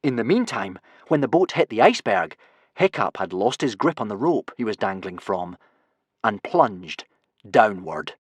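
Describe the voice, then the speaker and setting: A man reading a children's adventure audiobook with expressive storytelling. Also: lowish voice, moderate pace, husky, no room sound. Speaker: audiobook narrator. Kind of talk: scripted narration.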